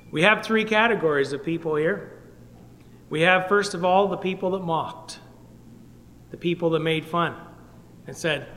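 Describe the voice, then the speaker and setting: Earnest Canadian preacher in an echoing hall. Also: male voice, fairly high pitch, a bit bright, a little hiss or hum. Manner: earnest, pleading, rises and drops in volume. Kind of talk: evangelistic gospel sermon. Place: meeting hall.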